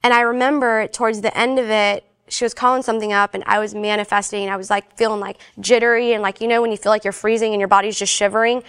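A woman telling a personal faith story in a casual, animated way, briefly acting out the voices of the people in it. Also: medium pitch, fast talker, few pauses, clear, resonant tone, no echo, studio quality. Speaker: guest sharing her faith testimony.

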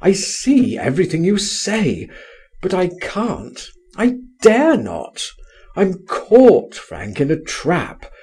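A man's voice: wildly swooping pitch, slow pace, a little mellow, husky, exaggerated voice. A man reading aloud, voicing a frightened, despairing man who pleads in a raised, strained voice. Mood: anguished. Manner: despairing, groaning, higher pitched. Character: anguished fearful man, trapped, pleading.

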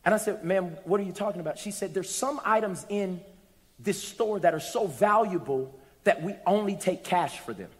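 A man preaching a sermon to a congregation, telling a story and building to shouted peaks. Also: high-pitched, normal speed, big-room sound. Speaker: pastor. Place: church hall with congregation.

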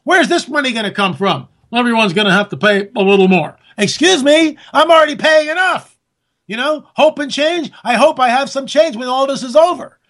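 A man delivering a solo political commentary in a high voice. He rants with a sarcastic edge and his voice climbs toward near-shouts. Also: expressive, fairly quick, few pauses. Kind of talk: monologue commentary.

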